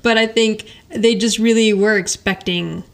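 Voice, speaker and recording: A woman's voice: medium pitch, measured pace. A woman co-hosting a podcast, chatting casually and laughing as she recaps a sitcom episode. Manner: animated, quotes characters in paraphrase, laughs often. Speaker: podcast co-host.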